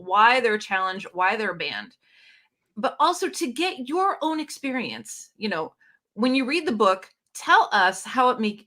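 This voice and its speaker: A woman's voice: medium pitch, pushed and bright. A woman co-hosting a casual livestream chat, enthusiastic and full of fillers. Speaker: co-host.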